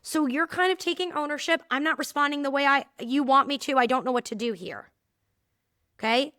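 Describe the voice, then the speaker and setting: A woman's voice: high-pitched, a little fast, no echo. A woman, hosting a casual solo talk show and telling workplace stories, acting out the voices of the people in them. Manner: lively storytelling, acting out quoted dialogue. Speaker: podcast host.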